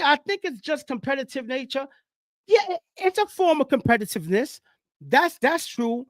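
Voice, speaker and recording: With a very high-pitched voice and a New York accent, a man from the Bronx hosts a relaxed sports talk on a live stream, rambling energetically with loud street slang. The recording is studio quality with no echo.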